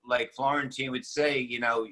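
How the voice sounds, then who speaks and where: A man's voice: mid-range voice, little pitch movement, normal speed, pushed and bright, low-quality recording. A man, a comedian guest, telling crude, rambling stories in casual podcast banter. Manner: crude, rambling storytelling with many restarts.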